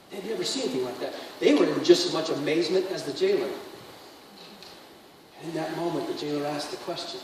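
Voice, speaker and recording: A man preaching a sermon as pastor, swinging from loud bursts down to near-whispers. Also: fairly high pitch, slight background noise. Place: church sanctuary. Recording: echoey church hall from far off.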